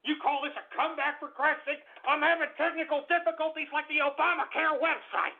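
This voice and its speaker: A man's voice: extremely high pitch, level tone, fairly quick, phone-quality sound. A man hosting a comedic talk radio show, ranting and cursing in exasperation. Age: adult.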